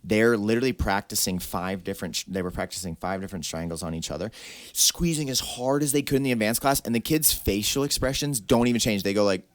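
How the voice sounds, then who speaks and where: A man's voice: on the low side, fast, no echo. A man, a podcast host and martial arts instructor, talking emphatically and bluntly in casual podcast chat.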